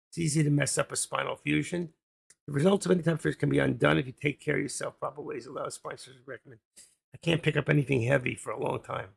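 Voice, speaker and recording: A man's voice: on the high side, vocal fry, breathy edge. A man hosting a trading live stream, rambling casually and muttering his thoughts aloud as he goes.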